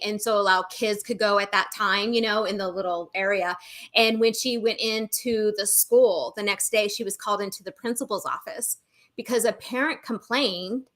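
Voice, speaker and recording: A woman co-hosting a casual spiritual chat, telling stories in a chatty, animated way. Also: mid-range voice. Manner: chatty storyteller, animated, laughs often. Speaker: show co-host.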